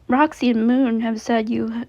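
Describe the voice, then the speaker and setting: A woman's voice: on the high side, level tone, a little slow, dark tone. A woman reading as a fatherly animatronic bear. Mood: caring. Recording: dull lo-fi recording.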